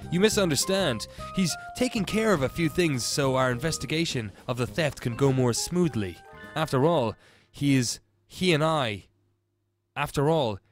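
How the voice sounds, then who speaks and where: A man voicing a suave male pigeon with a put-on French accent, smooth and theatrical. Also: on the high side, animated, moderate pace, faint music behind, natural voice.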